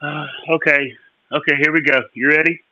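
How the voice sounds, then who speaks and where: Man, bright voice, slightly high, joking, stammering, dull dry call audio. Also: steady tone, normal speed, no echo. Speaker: stream guest. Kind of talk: casual chat.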